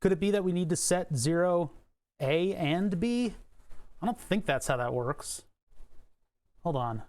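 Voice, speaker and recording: A man's voice: high-pitched, lively intonation, a little slow, pauses often, a little mellow. A man livestreaming electronics work, thinking aloud as he reads code and datasheets, swearing and chuckling now and then. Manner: muttering to himself, swearing, chuckling. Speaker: streamer. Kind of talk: livestream electronics and coding commentary.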